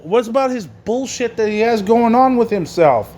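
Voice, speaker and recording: A man with a high-pitched voice hosts a wrestling podcast. He recaps the show in a furious, profanity-laden rant. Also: animated, a little slow, few pauses. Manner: angry, swearing constantly. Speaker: podcast host reviewing wrestling.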